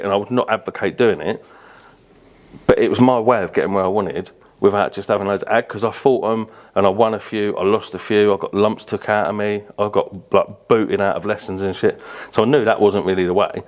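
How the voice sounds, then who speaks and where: With a fairly low pitch and brisk delivery, this Birmingham-born British podcast guest tells rambling stories in a casual interview. Fillers and offhand swearing run throughout.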